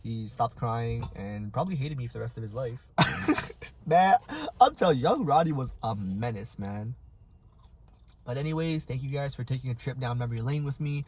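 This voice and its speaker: Man in his twenties, casual storyteller, husky voice, average pitch, acts out voices. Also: moderate pace. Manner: animated and self-mocking, acts out voices. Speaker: vlogger. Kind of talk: casual storytelling while eating.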